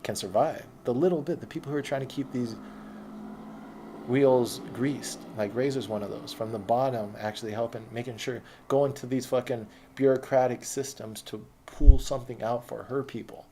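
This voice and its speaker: A man's voice: mid-range voice, steady tone, normal speed, dark tone, slight background noise. A man telling a rambling, profane, streetwise story from his own life in casual speech.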